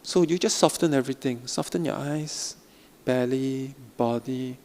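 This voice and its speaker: A middle-aged man teaching a Buddhist meditation talk in a gentle, repetitive, reassuring way. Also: medium pitch, moderate pace, creaky. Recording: long hall reverb.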